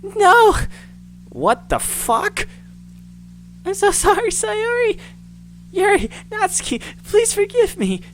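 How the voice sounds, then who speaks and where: A man's voice: extremely high pitch, sing-song, slow pace, long pauses, fairly bright tone, slight background noise, voice pushed up, heavily acted. A man voicing a panicked young woman who begs not to be deleted, stammering and crying as he reads through a game. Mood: terrified. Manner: stammering, sobbing pleas.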